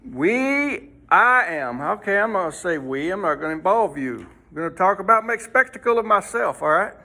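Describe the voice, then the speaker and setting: Guy teaching sunday school, bright raspy voice, rambles, keeps saying huh. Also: high voice, big pitch swings, normal speed. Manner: rambling, asks rhetorical questions. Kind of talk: folksy Bible lesson.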